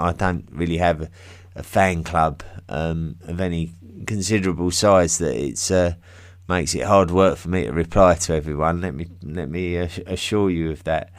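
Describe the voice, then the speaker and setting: Deep-voiced English man, hesitant and humble. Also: normal speed, no room sound, studio quality. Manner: hesitant, many ums and restarts, self-deprecating. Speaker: history podcast host. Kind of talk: casual chat reading listener mail.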